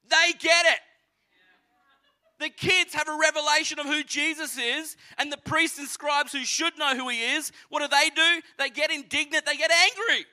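A man preaching a sermon, telling the story with animated energy and acting out voices. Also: very high-pitched, normal speed. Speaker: pastor.

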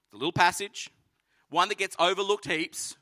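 A man preaching a sermon, telling the story with animated energy and acting out voices. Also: high voice, moderate pace. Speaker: pastor.

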